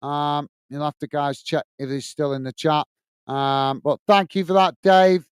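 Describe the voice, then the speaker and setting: Chummy man with a high, clear voice. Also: steady tone, unhurried, no room sound, clean studio sound. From England. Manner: casual and chummy, many filler uhs, calls people mate. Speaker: football watch-along host. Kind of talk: live stream chat reading.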